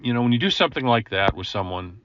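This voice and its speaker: A man's voice: mid-range voice, expressive, fast, a bit bright, no room sound, muffled recording. A man, a ministry coach, telling a personal conversion story in an earnest, chatty teaching style with frequent chuckles and asides to the listener.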